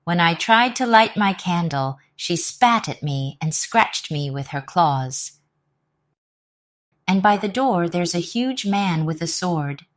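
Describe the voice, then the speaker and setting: A woman's voice: fairly low pitch, lively intonation, slow, no room sound, studio quality. Storybook small robber, male, timid, breathless; woman narrator voicing him. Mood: frantic. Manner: nervous and panting.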